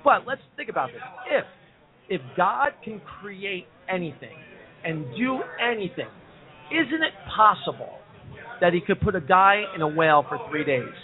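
New Jersey host, emphatic rambler, slightly high voice, phone-like sound. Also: male voice, lively intonation, unhurried. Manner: rambling, emphatic, joke-telling. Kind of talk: casual pub chat show. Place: pub. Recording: tinny phone-like audio.

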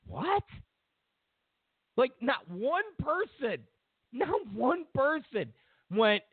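A man's voice: very high-pitched, big pitch swings, unhurried, vocal fry, pauses often, dry recording. Sarcastic man ranting on politics. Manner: sarcastic, mocks others in exaggerated voices, repeats himself for emphasis. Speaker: political commentary host. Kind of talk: opinionated political rant. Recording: dry, phone-like narrow sound.

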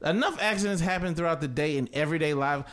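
Animated, story-telling podcast guy. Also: on the high side, quick pace. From Atlanta area. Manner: animated storyteller, acts out quotes. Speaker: podcast co-host. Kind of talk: casual comedic sports chat.

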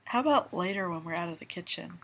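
A wary, patient young daughter from a read-aloud novel, voiced by a woman. She speaks mildly, in a low, husky voice with a gravelly grain. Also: animated, fast talker, fairly bright tone, full character voice, low-quality recording.

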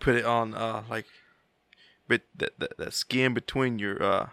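A man's voice: fairly low pitch, steady tone, measured pace, vocal fry, a bit bright, no echo. A man co-hosting a podcast, joking and swearing in laid-back casual chat. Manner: laid-back, profane banter. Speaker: podcast co-host.

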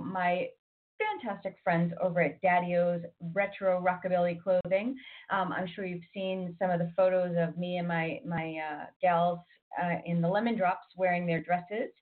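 Woman, radio host, rambling casual chat, lots of fillers, lowish voice, tinny phone-like sound. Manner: chatty, rambling, many fillers and restarts.

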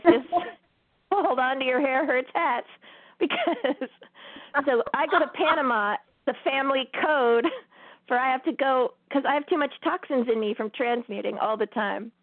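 A woman with a high voice tells a story at an unhurried pace and keeps breaking into laughter. She hosts a spiritual talk show. The sound is tinny and dry, as if it came over a phone line. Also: no room sound. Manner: laughs often while telling a story. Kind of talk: casual storytelling on air.

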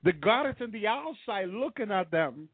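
Preaching with fervor and peppering his sermon with hallelujahs, this man has a high voice that swings widely in pitch at a moderate pace. The recording sounds thin and tinny but has no echo.

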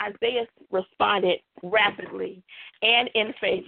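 Gravelly-voiced woman preaching a sermon. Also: mid-range voice, unhurried. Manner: emphatic, repeating refrains. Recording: tinny phone-like dry sound.

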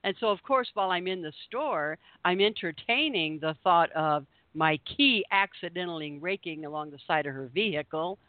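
Woman co-host, animated storyteller, narrow phone-like sound. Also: fairly low pitch, moderate pace, few pauses, no room sound. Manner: animated storyteller acting out quotes. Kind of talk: casual radio chat.

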